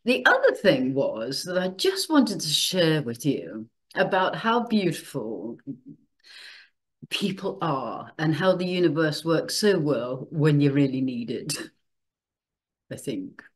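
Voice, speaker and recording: Lively older woman telling a story. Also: low voice, takes it slowly. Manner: chatty, laughs often, emotional storytelling. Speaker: channel host. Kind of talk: casual personal talk.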